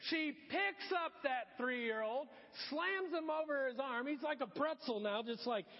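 A man's voice: very high-pitched, a little slow. A middle-aged man preaching a sermon as pastor, telling stories and acting out voices. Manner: animated storytelling with acted-out voices. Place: church. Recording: dull sound in a long-reverb church hall.

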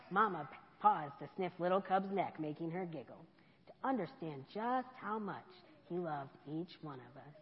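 A woman with a lilting, expressive storybook reading voice. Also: lowish voice, moderate pace. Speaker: storyteller dressed as an elf. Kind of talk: reading a children's picture book aloud. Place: church hall. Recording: dull echoey church hall.

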